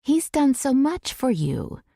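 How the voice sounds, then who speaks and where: A woman's voice: sits high, big pitch swings, slow pace, vocal fry, dark tone, no room sound, clean studio sound, voice pushed up, heavily acted. A woman voicing a stern older woman who speaks firmly, like a grim teacher, in an audiobook. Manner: firm, stern.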